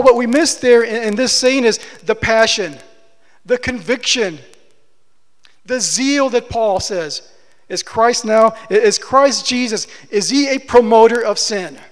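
Male preacher, high voice, impassioned delivery, long hall reverb. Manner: impassioned, rises to emphatic declarations. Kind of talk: expository sermon.

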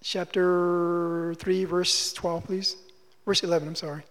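A man's voice: high voice, little pitch movement, slow pace, a bit bright. A male preacher giving a sermon, teaching through rhetorical questions and repeating his key phrases. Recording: long hall reverb.

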